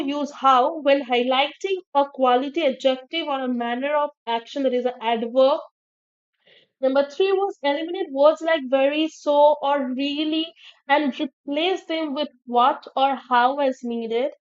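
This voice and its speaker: A woman with a high, light voice teaches an English grammar lesson. She explains each rule step by step and checks in with her viewers as she goes. The recording sounds dull and lo-fi.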